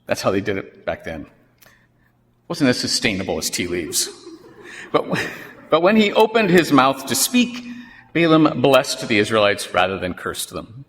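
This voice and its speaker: A man preaching a sermon in a church, telling a story with wry, animated asides. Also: medium pitch, unhurried, long pauses, slight background noise. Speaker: pastor. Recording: long reverb of a church hall.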